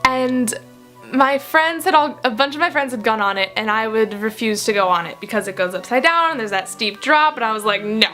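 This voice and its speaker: A young woman telling a story in her vlog, excitable and giggly, quoting other people as she goes. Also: fairly high pitch, brisk, soft background music. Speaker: vlogger.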